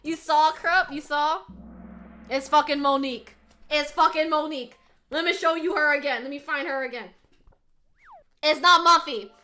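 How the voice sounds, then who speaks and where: A woman's voice: high-pitched, fairly even intonation, moderate pace, pauses often, bright, forceful tone. A young woman hosting a quiz on a live stream, chatting casually, laughing often, reading chat aloud and swearing freely.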